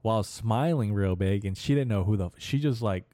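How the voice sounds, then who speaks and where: Rambling, foul-mouthed young man with a low, mellow voice. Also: brisk, dry recording, clean studio sound. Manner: rambling, crude and profane, laughs at his own jokes. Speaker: podcast host. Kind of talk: casual solo podcast monologue.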